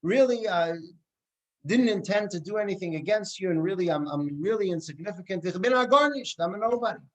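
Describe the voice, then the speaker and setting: A man voicing a cantor in a told joke who loudly declares his own insignificance, emphatic and pleading. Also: high-pitched, lively intonation, fairly quick, voice pushed up, rough recording.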